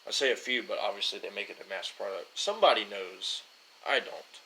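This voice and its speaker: Bright-voiced rambling man. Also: lowish voice, fairly quick, slight background noise, poor audio. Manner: rambling, self-mocking, fumbles names. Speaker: show host. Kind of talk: casual whiskey-tasting talk.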